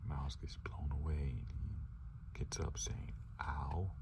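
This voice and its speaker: A man narrating an ASMR comic reading in a soft, unhurried whisper with a gravelly voice. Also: a bass voice, flat delivery, recorded from a distance.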